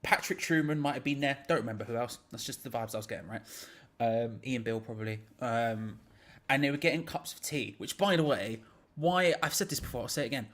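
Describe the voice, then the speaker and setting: A man's voice: medium pitch, fairly quick, a bit bright. Wry man telling a story. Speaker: co-host. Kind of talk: casual live-stream chat.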